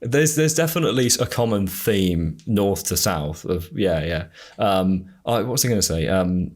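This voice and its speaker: A podcast host with a fairly low voice and a southern English accent. He talks in a loose, rambling way, full of ums and restarts, and laughs often. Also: expressive, normal speed. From England. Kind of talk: casual chat.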